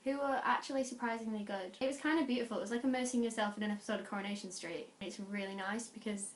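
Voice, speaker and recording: A young woman from the North West of England with a Lancashire accent, talking to camera in an animated, chatty way, full of quick asides and restarts. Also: medium pitch, reverberant, a little hiss or hum. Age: young adult. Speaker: vlogger. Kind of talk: casual chat.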